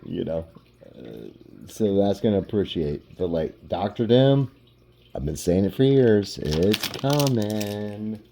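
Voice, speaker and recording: A man with a very dark, low voice hosting a casual collecting vlog. He talks slowly and unhurriedly. His speech rambles and is peppered with "like". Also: creaky, slight background noise. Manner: relaxed, rambling, lots of "like". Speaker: comic book collector.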